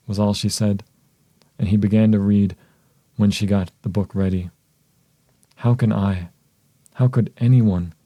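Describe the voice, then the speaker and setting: Deep, mellow male audiobook narrator. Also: no echo. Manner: calm, measured and soothing. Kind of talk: slow audiobook reading.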